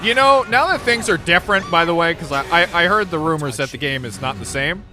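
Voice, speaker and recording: A man streaming live, reacting to a game showcase with excited, sarcastic commentary. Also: on the high side, a little fast. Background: game trailer music.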